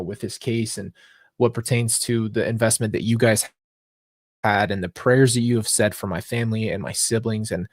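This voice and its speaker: A young man hosting a podcast, thanking his viewers in a heartfelt, halting way with many restarts, and getting close to tears. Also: fairly low pitch, no echo. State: emotional, near tears. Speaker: podcast host. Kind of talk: live podcast sign-off to viewers.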